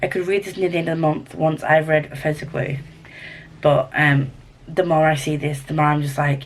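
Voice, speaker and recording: A young woman with a Scottish accent chatting casually to camera about her books, rambling and excitable. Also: sits low, measured pace, slight background noise. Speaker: book vlogger.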